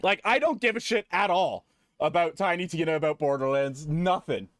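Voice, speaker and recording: A man's voice: on the high side, moderate pace, fairly bright tone, no room sound, clean studio sound. A man streaming, giving a mock-serious, profane comedy slideshow rant.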